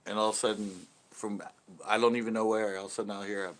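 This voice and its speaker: A man's voice: on the low side, flat delivery, fast. A man hosting a casual live stream, telling rambling stories, laughing often and reacting to viewer comments. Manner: rambling storyteller who laughs often and reads viewer chat aloud. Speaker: fishing channel host.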